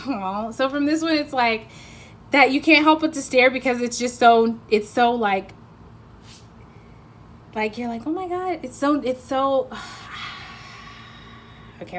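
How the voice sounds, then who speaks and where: A woman's voice: a little high, lively intonation, unhurried, long pauses, a little hiss or hum. A woman giving a casual intuitive card reading, rambling and chatty with lots of fillers and frequent laughs. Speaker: tarot reader.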